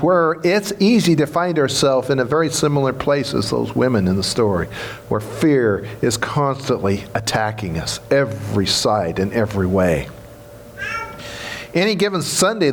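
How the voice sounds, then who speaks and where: A man's voice: on the high side, slight background noise. A man preaching a sermon as pastor. He is emphatic, repeats key phrases and asks the congregation questions. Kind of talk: Easter sermon.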